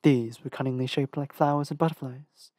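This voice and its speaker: An audiobook reader narrating a novel in a measured, careful way, with the occasional small restart. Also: medium pitch, steady tone, dark tone, dry recording, clean studio sound. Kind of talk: storybook narration.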